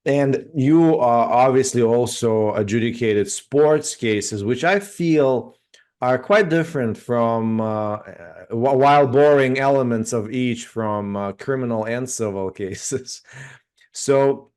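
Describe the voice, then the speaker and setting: Man interviewing, mid-pitched. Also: slow, a little mellow, clear, resonant tone. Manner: laughs along, builds long questions.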